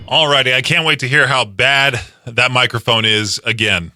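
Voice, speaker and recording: Bright-voiced joking radio host man. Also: medium pitch, steady tone, moderate pace, few pauses, faint music behind. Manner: jokey, laughs often, teasing. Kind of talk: casual morning radio banter. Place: radio studio.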